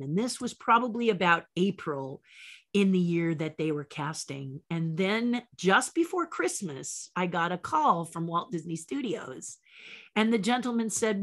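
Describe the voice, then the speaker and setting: A woman puppeteer being interviewed, telling a story in a lively way and acting out the voices of people she quotes. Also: on the low side, moderate pace. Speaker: puppeteer guest. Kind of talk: anecdotal storytelling.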